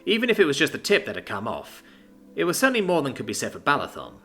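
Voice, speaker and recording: Brief: male narrator, very animated delivery, bright tone, soft music behind. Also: fairly high pitch, fast talker. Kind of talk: storybook narration.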